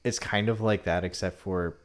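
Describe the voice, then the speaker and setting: A man casually retelling a Bible story in a relaxed, conversational way. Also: low-pitched, moderate pace, very noisy. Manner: relaxed retelling, often drops to a quieter tone.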